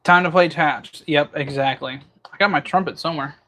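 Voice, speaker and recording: A man's voice: on the high side, fairly quick, bright, forceful tone. A man hosting a casual livestream from his kitchen, cooking as he talks and joking through viewer comments. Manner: jokey banter, reading viewer comments aloud. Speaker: livestream host.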